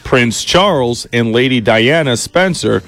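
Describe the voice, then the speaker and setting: A man's voice: medium pitch, lively intonation, unhurried, fairly bright tone, dry recording, soft background music. A man hosting a radio segment, reading history items and chatting with a co-host, laughing easily.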